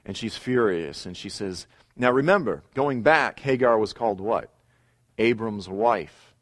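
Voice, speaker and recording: A middle-aged man teaching a Bible lesson, telling the story in a steady way with pauses and emphatic repeats. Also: fairly low pitch, no echo, studio quality. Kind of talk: teaching lecture.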